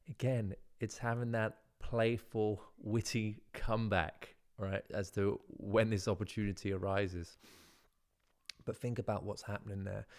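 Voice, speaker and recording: A male dating coach with a lowish voice gives instructional talk to camera, speaking to viewers in a relaxed, conversational way. He keeps checking in with "right?" and slows his delivery to show how a line should land.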